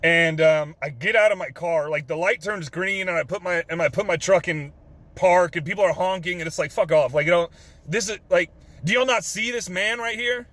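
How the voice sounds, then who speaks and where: Young man, fairly high voice, earnest, emotional, casual swearing, talking in a car. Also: moderate pace, fairly bright tone, no echo. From Texas. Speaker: vlogger. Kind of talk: casual heartfelt storytelling. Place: parked car.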